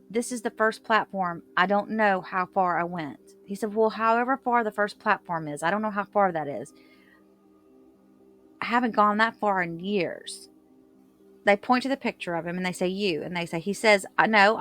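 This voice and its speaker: Woman, casual true-crime recapper, mid-pitched, self-correcting, faint music bed. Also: normal speed, fairly bright tone. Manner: loose recap with filler words and self-corrections, quoting others. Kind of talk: casual retelling of court testimony.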